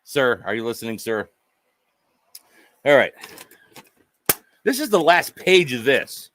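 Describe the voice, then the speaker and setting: A man's voice: medium pitch, sing-song, slow pace, a bit bright, a little hiss or hum. A man vlogging a sarcastic, profane monologue, mockingly addressing an unseen "sir" over and over.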